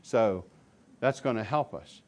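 A male pastor preaching a sermon, swinging between loud emphatic declarations and low quiet asides. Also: a little slow.

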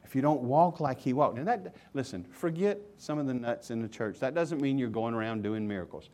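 Male pastor mid-sermon: mid-range voice, earnest preaching, big shifts from loud emphasis to near-whispered asides. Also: a little fast. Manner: preaching with wide swings from loud emphatic questions to hushed low asides. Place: church sanctuary.

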